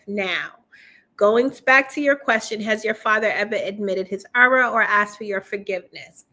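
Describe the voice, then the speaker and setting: A woman's voice: fairly high pitch, bright, forceful tone. Candid woman chatting on a livestream. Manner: candid, personal storytelling with fillers. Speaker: livestream host answering viewer questions. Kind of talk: casual livestream chat.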